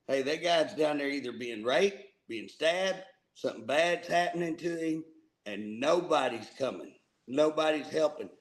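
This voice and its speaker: A man's voice: a little high, low-quality recording. A man co-hosting a casual political talk show, folksy and emphatic, often repeating words as he starts a thought. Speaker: co-host.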